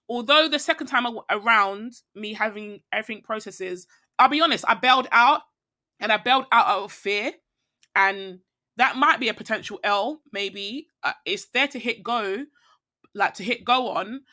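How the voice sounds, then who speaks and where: A woman's voice: on the high side, moderate pace, pushed and bright. A woman chatting candidly as a podcast guest, rambling and reflective, with plenty of fillers and restarts. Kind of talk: casual conversation.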